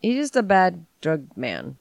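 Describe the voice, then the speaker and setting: A woman's voice: lowish voice, huge pitch swings, unhurried, vocal fry, dry recording, lo-fi sound. A woman co-hosting a podcast, chatting casually and sarcastically while watching a movie. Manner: sarcastic, swearing, laughing. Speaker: podcast co-host.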